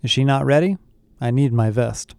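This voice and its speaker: A man's voice: medium pitch, moderate pace, vocal fry, darkish tone, clean tone, no room sound, close to an everyday voice. A man voicing a bold teenage boy who jokes around, in a lightly raised breezy delivery. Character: bold teenage boy, joking leader type.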